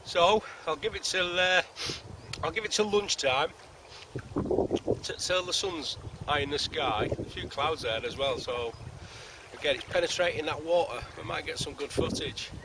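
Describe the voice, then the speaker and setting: Fishing at a wintry lakeside camp, a carp-angling vlogger with a somewhat high voice talks to camera at a moderate pace, chatty, jokey and meandering. Background noise fills the outdoor recording.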